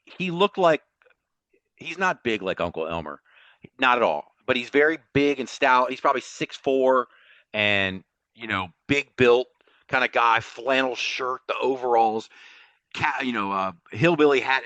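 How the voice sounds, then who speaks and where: A man co-hosting a podcast, recapping a show in a casual, animated storytelling way and laughing often. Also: mid-range voice, no room sound. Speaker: podcast co-host.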